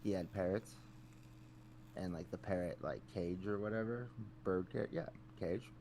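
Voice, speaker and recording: Deep-voiced, laid-back co-host. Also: male voice, warm tone, slight background noise. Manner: laid-back, halting, full of "like". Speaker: podcast co-host. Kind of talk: casual podcast chat.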